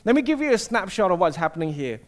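A man's voice: high-pitched, very animated, fast. A man, preaching a casual sermon that tells stories and asks the audience questions. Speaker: pastor. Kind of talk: conversational sermon.

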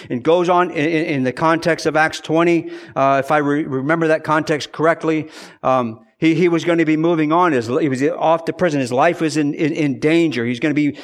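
Pastor, male, earnest sermon delivery, slightly raised pitch, repeats phrases to drive points home. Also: moderate pace.

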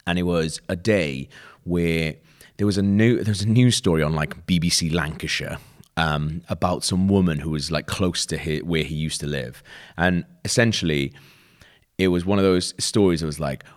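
A man's voice: sits low, normal speed. A young man hosting a podcast, telling a rambling, sweary story in a laid-back, casual way. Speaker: podcast host.

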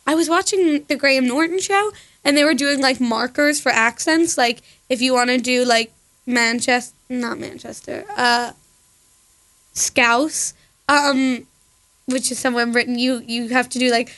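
Young woman cohosting a podcast, high voice, giggly, says "like" a ton. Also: steady tone, fairly bright tone, no echo. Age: young adult. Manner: giggly, talks fast with lots of fillers, slips into put-on accents. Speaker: podcast co-host. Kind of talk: casual chat.

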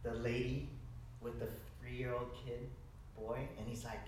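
A man preaching a sermon, telling stories in an animated way and often tossing out a rhetorical "right?". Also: medium pitch, unhurried, slight background noise. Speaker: pastor. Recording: echoey hall, distant mic.

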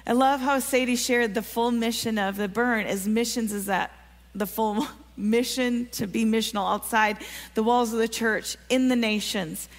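A woman's voice: a little high, fairly even intonation, normal speed. A woman preaching a sermon to a church congregation, earnest and encouraging, often asking the listeners questions. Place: church sanctuary. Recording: long reverb of a large hall.

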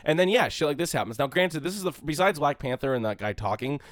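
A man from California co-hosting a casual movie podcast, rambling and swearing, loudly acting out the people he quotes. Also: fairly high pitch, lively intonation, fast, dry recording, studio quality. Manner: profane, rambling, shouts when quoting people. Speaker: podcast co-host.

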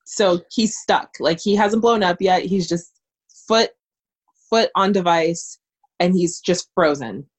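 A woman's voice: on the low side, takes it slowly. A woman in casual chat, talking expressively about a film scene and how it made her feel.

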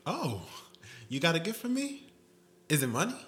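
A man acting out a gentle middle-aged male psychiatrist who reads a poem aloud to his patient. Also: a little high, wildly swooping pitch, normal speed, voice pushed up.

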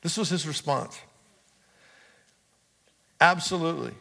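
In a church auditorium, a middle-aged pastor preaches in a slightly high, creaky, sharp-toned voice at a somewhat slow pace. He starts with a relaxed personal story and climbs toward emphatic calls, repeating them with mounting intensity.

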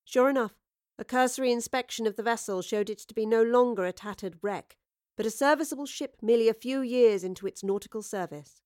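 A woman reading a story aloud as narrator, steady and expressive. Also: on the high side, fairly quick, dry recording, clean studio sound. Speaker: audiobook narrator. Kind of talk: scripted narration.

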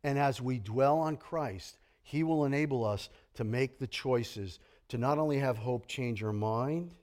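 A middle-aged man preaching a sermon as pastor, animated and jokey, slipping into grumbling impressions. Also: mid-range voice, a little slow.

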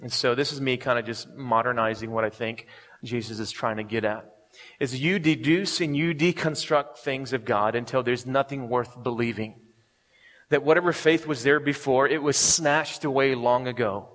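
A male pastor delivers a sermon in a relaxed, conversational way, chuckling often and checking in with his listeners. His voice sits at an ordinary middle pitch. The sound carries the long reverb of a large hall. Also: moderate pace. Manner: conversational, chuckles often, keeps asking "right?".

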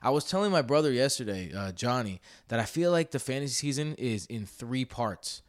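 A man hosting a casual sports podcast, talking in an excitable, rambling way with frequent restarts. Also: mid-range voice, brisk. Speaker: podcast host.

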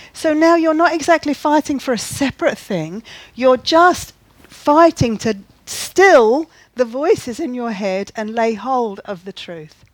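A woman's voice: sits high, dry recording, poor audio. Earnest woman preaching a sermon. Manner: earnest, repeats key phrases, asks the listeners questions.

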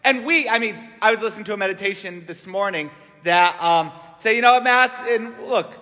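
A preacher speaking a little fast in a high-sitting, sharp voice gives a conversational homily. He frequently tags his points with "right?" to check in with the congregation, and the church adds long reverb.

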